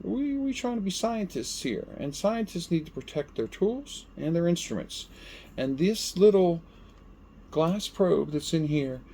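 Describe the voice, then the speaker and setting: A middle-aged man hosting a gardening vlog, chatting casually and animatedly as he tests a gadget. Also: fairly high pitch. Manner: chatty and animated, talks to himself while testing. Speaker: gardening channel host. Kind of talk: casual product-testing vlog.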